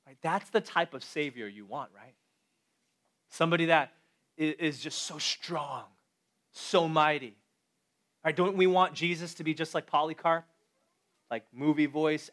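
A man preaching a conversational sermon, talking straight to his listeners and asking them questions. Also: on the high side. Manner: conversational, animated, addresses the audience directly. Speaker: pastor.

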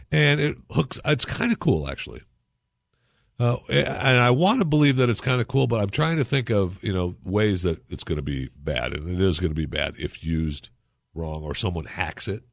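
A man hosting a talk radio show, talking in a sarcastic, animated and rambling way. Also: medium pitch, vocal fry, no room sound, clean studio sound.

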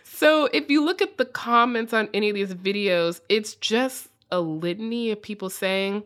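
A woman's voice: mid-range voice, moderate pace, hardly any pauses, a bit bright. A woman with an American accent hosting a podcast, chatting casually, reading listener questions and often saying "like". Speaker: podcast host. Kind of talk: casual chat.

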